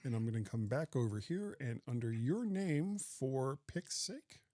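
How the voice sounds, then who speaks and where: Lively, animated man hosting a podcast. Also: medium pitch, unhurried, a little hiss or hum. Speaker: podcast host. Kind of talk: casual tech podcast chat.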